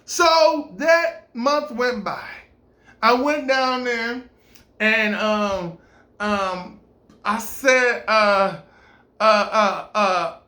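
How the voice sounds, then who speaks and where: A man telling a casual comic story, animated and stammering, jumping up in pitch and volume at the big moments. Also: drawn-out words. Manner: animated, stammering, rising into shouts. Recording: roomy echo.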